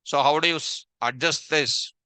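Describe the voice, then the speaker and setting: A man's voice: a little high, moderate pace, sharp tone, clear, resonant tone, no room sound. A man teaching a programming class, repeating questions and quizzing his students. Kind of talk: live online coding class.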